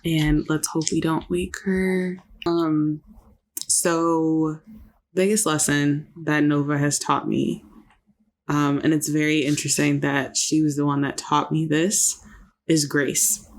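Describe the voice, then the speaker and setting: Woman co-host, warm storytelling tone, reflective and sincere, casual podcast chat. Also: low-pitched, level tone, takes it slowly. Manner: reflective, faith-filled storytelling.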